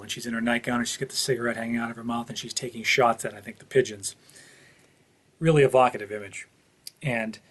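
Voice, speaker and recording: A man's voice: mid-range voice, husky. A man giving an earnest, opinionated spoken review of a TV episode, thinking aloud as he goes.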